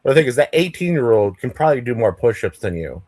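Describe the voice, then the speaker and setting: A man's voice: mid-range voice, sing-song, quick pace, a little mellow, dry recording. A man making wry, dry jokes in a casual chat.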